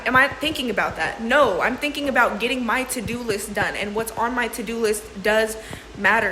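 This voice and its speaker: A woman's voice: on the high side, sharp tone, a little hiss or hum. A young woman talking casually to her vlog audience, emotional and slangy, often calling people "bro.". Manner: emotional, laughing through tears; slangy, says "bro" and "sis". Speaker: vlogger. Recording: echoey room with faint ambience.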